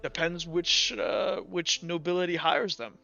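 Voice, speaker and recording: A man narrates a tabletop game as game master, full of fillers. His voice is bright and slightly high. The recording sounds dull, with faint music behind. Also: steady tone, a little slow, gravelly. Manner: loose, filler-heavy narration.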